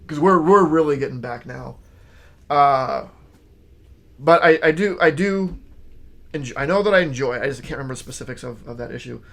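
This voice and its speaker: A man's voice: medium pitch, normal speed, gravelly, long pauses. A man casually reviewing a stack of new comic books, rambling and enthusiastic, with lots of fillers and restarts. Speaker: comic shop video host.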